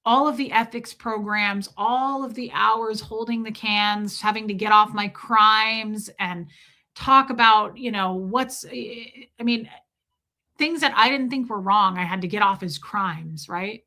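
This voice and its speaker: A woman's voice: medium pitch, measured pace, bright, forceful tone. A woman talking candidly on her livestream, confessional and emotional, rambling with restarts. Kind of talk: candid personal monologue.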